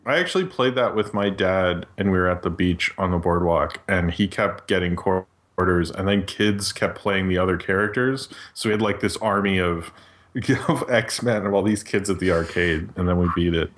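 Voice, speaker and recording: A man's voice: deep voice, moderate pace, fairly bright tone. A man co-hosting a podcast, chatting casually and telling rambling nostalgic stories. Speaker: podcast co-host.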